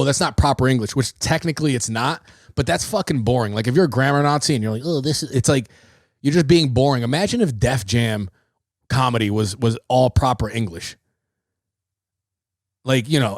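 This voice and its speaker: A young man hosting his own livestream, rambling through opinions and stories with plenty of swearing. His mid-pitched voice carries a gravelly edge. The sound is dry and close, with no room around it. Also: no room sound. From New York City. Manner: animated storyteller, swearing freely. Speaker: podcast host. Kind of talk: casual livestream monologue.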